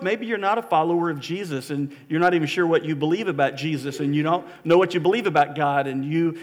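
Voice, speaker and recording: Pastor, male, slightly higher voice, earnest and emphatic sermon delivery. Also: in a large hall. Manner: earnest, inviting, emphatic preaching with rising peaks.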